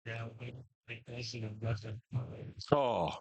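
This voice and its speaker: A man's voice: mid-range voice, flat delivery, a little slow, darkish tone, slight background noise. A young American man streaming a game, chatting casually in profane, joking banter. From United States. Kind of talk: casual live gaming chat.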